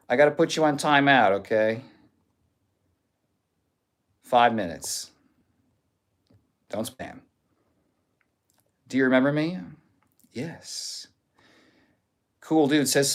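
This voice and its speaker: A man's voice: medium pitch, lively intonation, takes it slowly, pauses often. A man hosting a livestream, reading out viewer comments and answering trolls with dry, teasing sarcasm. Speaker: livestream host. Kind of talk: casual chat reading live comments.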